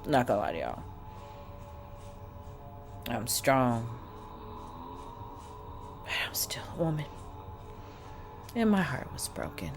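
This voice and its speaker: A woman vlogger telling a personal story to the camera in a chatty, expressive way, talking straight to her viewers. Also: very deep voice, slow, long pauses, faint music behind.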